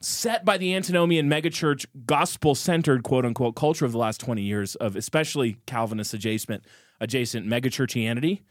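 A man's voice: mid-range voice, fairly quick, dry recording, clean studio sound. A man co-hosting a podcast, out of breath and talking in a heated, emphatic way. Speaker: podcast co-host. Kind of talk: casual chat.

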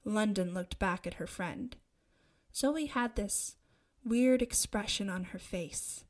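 A woman reading a young adult novel aloud as narrator, steady and expressive. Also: mid-range voice, takes it slowly. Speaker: audiobook narrator. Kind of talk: scripted narration.

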